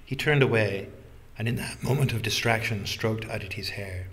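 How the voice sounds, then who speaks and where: A man reading a novel aloud as an audiobook narrator, in an even, literary manner. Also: lowish voice, moderate pace. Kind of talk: scripted narration.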